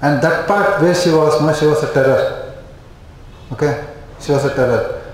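A male lecturer, talking to a class in a somewhat high voice and circling back with repeated checks. His voice rings through a very echoey classroom over a faint background hiss. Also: moderate pace. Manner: repetitive, checks in with "okay?" constantly.

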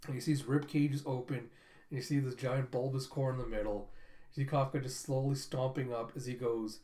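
A man excitedly recapping and reacting to a comic chapter in a rambling, casual way. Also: medium pitch, a little fast. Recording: roomy echo.

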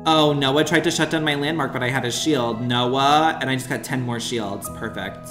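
A man streaming a mobile game, doing playful, over-the-top excited commentary in the manner of a mock sponsored ad. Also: medium pitch, normal speed, faint music behind.

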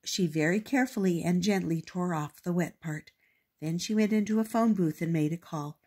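An older woman reading a children's picture book aloud, gentle and expressive. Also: on the low side, normal speed, slightly rough. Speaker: storyteller.

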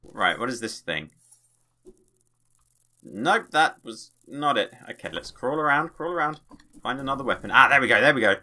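A man giving excitable, playful let's play commentary as a gaming channel host, tossing in his own sound effects. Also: medium pitch, moderate pace, pauses often.

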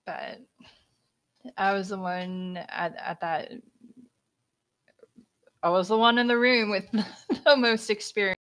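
A woman's voice: mid-range voice, fairly even intonation, slow pace, pauses often, fairly bright tone. A woman playing a tabletop role-play game, answering in character in a hesitant manner. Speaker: player.

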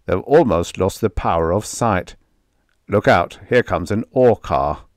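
A man voicing a steady, deferential male mine foreman who speaks plainly and respectfully. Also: sits low, measured pace, no echo, clean studio sound. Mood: matter-of-fact. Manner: plain, respectful, matter-of-fact.

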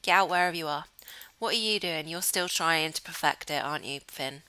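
Bright-voiced woman gaming. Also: low-pitched, brisk, dry recording, low-quality recording. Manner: chatty, coos affectionately at the game characters. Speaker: gaming channel host. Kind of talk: casual gameplay commentary.

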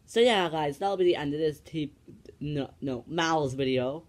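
A man casually wrapping up his toy skit channel video with halting talk and fillers. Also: on the high side.

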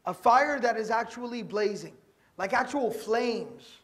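Male Quran teacher with a very high pitch, earnest lecturing style, repeats points and explains Arabic terms. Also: expressive, unhurried, fairly bright tone. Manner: earnest, repeats key phrases for emphasis. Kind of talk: religious lecture, verse-by-verse commentary.

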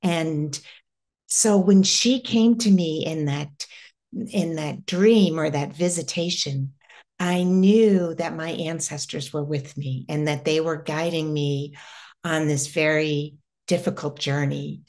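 Slow, halting middle-aged woman. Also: sits low, a little mellow. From United States. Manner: slow, halting, with many restarts. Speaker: interview guest. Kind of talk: personal spiritual story.

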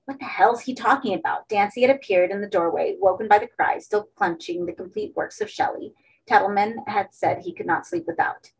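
A woman reading a horror story aloud as an audiobook, in steady narration. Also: medium pitch, fairly quick, gravelly, slight background noise, low-quality recording. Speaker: audiobook reader.

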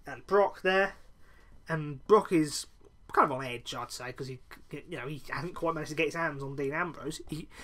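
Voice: mid-range voice, sharp tone. Solo podcast host, rambling and self-correcting, dry humor. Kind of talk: solo fantasy-booking podcast monologue.

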